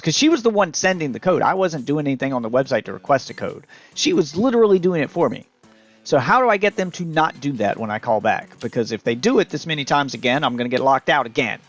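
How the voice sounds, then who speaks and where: Male streamer, somewhat high voice, casual exasperated rant, faint music bed. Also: fast talker. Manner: exasperated, animated ranting with restarts. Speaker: live streamer. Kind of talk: casual ranting story to a live chat.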